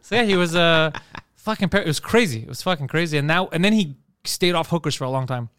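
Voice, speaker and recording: Comedian guest, male, high voice, rapid patter, profane and animated storyteller who acts out the quotes. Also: smooth, dry recording, studio quality. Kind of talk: casual podcast storytelling.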